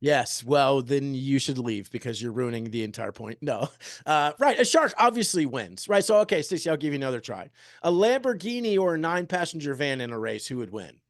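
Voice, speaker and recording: A man's voice: mid-range voice, a little fast, dry recording, clean studio sound. Upbeat man quizzing an audience. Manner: energetic, quizzes the audience with rhetorical questions; joking, upbeat. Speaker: real estate agent giving a talk. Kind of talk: motivational presentation to an audience.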